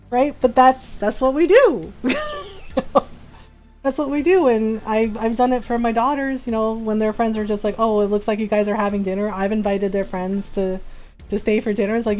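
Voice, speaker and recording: Chatty woman streamer, higher voice. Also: moderate pace, a little mellow, faint music behind. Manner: chatty, laughs often, acts out quotes. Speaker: game streamer. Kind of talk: casual chat while gaming.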